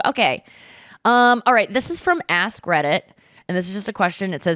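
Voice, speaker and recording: A woman's voice: mid-range voice, brisk, no room sound, clean studio sound. A woman in her thirties hosting a podcast in casual chat, telling stories with lots of fillers and acted-out voices. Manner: animated storytelling with mimicked voices; frequent filler words. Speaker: podcast host.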